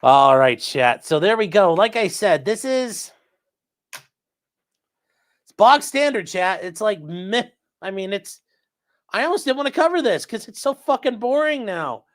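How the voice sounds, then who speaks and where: A man with a high, lively voice hosts a casual livestream, reading viewer messages aloud at a slightly slow pace. He's sarcastic and blunt, tossing in profane asides as he swears freely through the live commentary.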